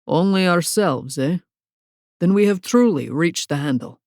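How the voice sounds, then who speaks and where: A woman voicing a terse foreign hockey goalie with a low, gruff voice and a Russian-sounding accent in an audiobook. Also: animated, a little slow, a little mellow, dry recording, clean studio sound.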